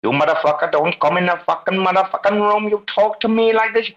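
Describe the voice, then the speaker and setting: A man mimicking a furious, swearing man ranting in a voice chat, with an imitated Indian English accent and a voice that climbs as he yells. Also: fast, dull audio. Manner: shouting abuse, rising in pitch.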